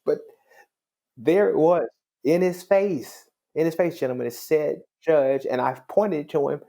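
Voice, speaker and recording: Middle-aged male judge as podcast guest; raspy, gravelly, animated storyteller who restarts and repeats words. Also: mid-range voice, measured pace. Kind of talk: casual storytelling conversation.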